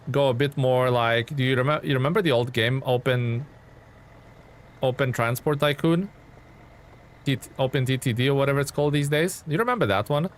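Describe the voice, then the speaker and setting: A man's voice: mid-range voice, slight background noise. A man streaming a game live, chatting casually with viewers and rambling through his thoughts with frequent restarts. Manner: rambling, restarts often, answers chat by name.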